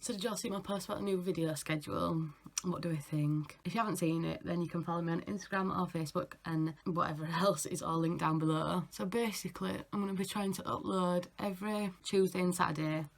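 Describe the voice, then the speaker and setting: A woman's voice: on the low side, fairly even intonation, brisk. A young woman chatting casually and giggling through a makeup tutorial. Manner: chatty, giggly, self-mocking. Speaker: makeup artist vlogger.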